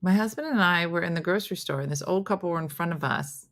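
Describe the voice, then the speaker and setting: Speaking quickly in a fairly low voice, a middle-aged morning show host reads viewer comments on her casual chat program. She tells family anecdotes with animation, performing the different characters' voices.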